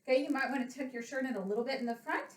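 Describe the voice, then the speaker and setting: A high-pitched woman coaches children through a home workout, counting out loud and explaining each move simply. She sounds a little winded. The webcam picks her up from across an echoey room. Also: racing. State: a little out of breath. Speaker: elementary school PE coach. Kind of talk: home workout lesson for kids. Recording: roomy webcam sound from a distance.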